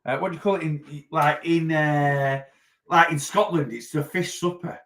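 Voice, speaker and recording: A man's voice: a little high, moderate pace, a bit bright. Chatty man, coaching. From North West England. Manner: rambling, chatty, reading out viewer comments. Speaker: weight loss coach. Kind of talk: casual livestream chat.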